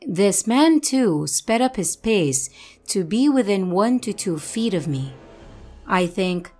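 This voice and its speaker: A woman's voice: medium pitch, sing-song, takes it slowly, darkish tone, soft background music. Woman narrating a creepy story. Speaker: narrator reading viewer stories. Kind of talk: scripted horror story narration.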